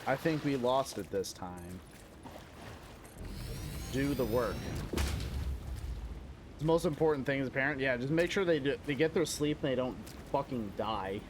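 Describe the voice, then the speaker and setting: A man's voice: mid-range voice, animated, a little slow, long pauses, noisy background. Rambling, foul-mouthed young male streamer. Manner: rambling, self-deprecating, profane. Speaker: game streamer. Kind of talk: casual live-stream chat while gaming.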